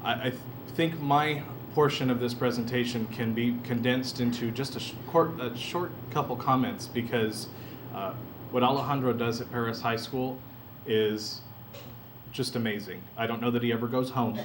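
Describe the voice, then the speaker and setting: A man speaking as a high school principal, introducing a student with slightly stumbling praise. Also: normal speed. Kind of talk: ceremonial introduction. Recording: noisy event recording.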